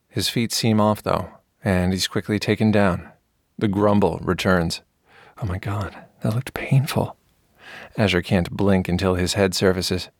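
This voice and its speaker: A man narrating an audiobook in an even, measured storytelling way, with a gravelly voice. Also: on the low side, dry recording, clean studio sound.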